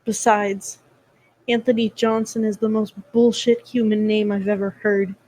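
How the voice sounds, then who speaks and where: A woman's voice: medium pitch, little pitch movement, a little slow, dark tone, a little hiss or hum, close to an everyday voice, low-quality recording. A woman playing a blunt, mocking adventurer. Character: blunt, cocky adventurer, a player's character.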